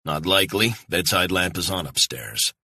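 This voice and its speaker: A man's voice: low-pitched, animated, moderate pace, pushed and bright, breathy edge, no room sound, full character voice. A man voicing a blunt male handler giving clipped orders over the phone. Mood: brusque.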